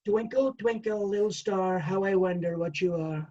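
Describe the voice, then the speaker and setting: A bragging, self-satisfied older tycoon, as a man puts him on. He speaks in a soft, hushed voice pitched a little above the speaker's own. The sound is dull and lo-fi. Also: moderate pace, close to an everyday voice. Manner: boastful, self-praising.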